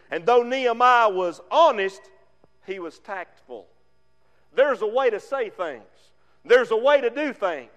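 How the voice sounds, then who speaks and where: A man preaching a fervent sermon, swinging between loud emphasis and hushed tones. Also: sits high. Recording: long reverb.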